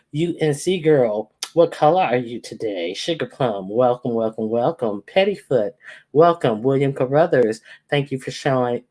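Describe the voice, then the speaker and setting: A woman with a warm, bass voice hosts a casual livestream, reading viewers' names one at a time and playfully teasing each of them. She's on a computer or phone mic that picks up echo.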